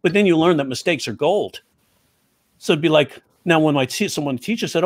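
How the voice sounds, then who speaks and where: Animated male comedy teacher, dry sound. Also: on the high side, a little fast, no echo. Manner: animated, acts out quoted voices. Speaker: comedy teacher and stand-up comic. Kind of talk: storytelling interview talk.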